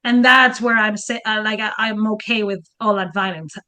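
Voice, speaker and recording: A woman guest historian in lively casual chat who laughs often and restarts her words. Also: medium pitch, moderate pace.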